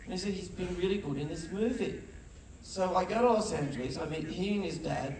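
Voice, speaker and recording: Animated man in an echoey hall. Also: high-pitched, fairly quick, far from the mic, a little hiss or hum. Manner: animated storyteller, acts out quotes. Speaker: film director, guest. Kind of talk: onstage festival conversation. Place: large festival hall with audience. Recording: echoey hall, mic heard from afar.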